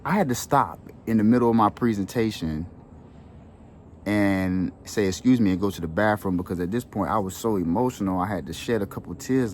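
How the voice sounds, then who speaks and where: Earnest, low-pitched man for a heartfelt monologue, casual slang, light background hum. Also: brisk, darkish tone. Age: adult with children. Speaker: wellness channel host. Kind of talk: heartfelt personal storytelling.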